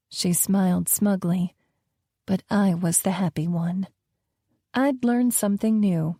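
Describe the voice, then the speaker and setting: Warm, dry-voiced woman narrating. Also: mid-range voice, dry recording. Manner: calm, measured storytelling. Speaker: audiobook narrator. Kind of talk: first-person audiobook narration.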